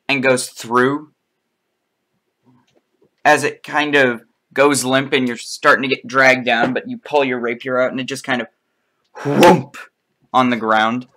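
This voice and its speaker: A man narrating as dungeon master in a casual tabletop game, talking in a loose, halting way with fillers. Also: medium pitch, bright, forceful tone.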